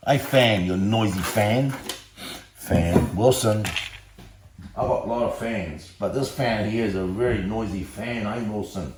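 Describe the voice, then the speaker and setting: A man with a somewhat low voice who chats loosely to his phone while making food, joking, rambling and turning aside to talk to his dog. He is recorded in an echoey home kitchen, with a loud, clear fan hum running behind him. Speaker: bodybuilding vlogger. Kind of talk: casual talk to camera while cooking. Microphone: phone camera. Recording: echoey room with fan noise.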